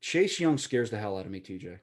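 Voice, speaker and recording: A man, co-hosting a casual sports chat in an excitable, jokey, rambling way. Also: lowish voice, brisk. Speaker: podcast co-host.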